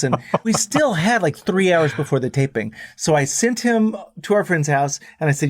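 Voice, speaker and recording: A middle-aged man from Texas, a guest musician on a podcast, telling a rambling, animated anecdote and acting out other people's lines. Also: fairly high pitch, moderate pace, no room sound. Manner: rambling, animated storyteller who acts out quotes.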